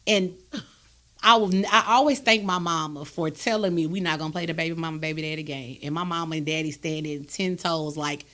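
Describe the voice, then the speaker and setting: A woman, hosting a podcast and telling a personal story in a candid, animated, emphatic way. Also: low-pitched, fairly quick. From Texas, USA. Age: adult, raised a grown son. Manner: emphatic and animated, with frequent "do you understand me?". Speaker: podcast host.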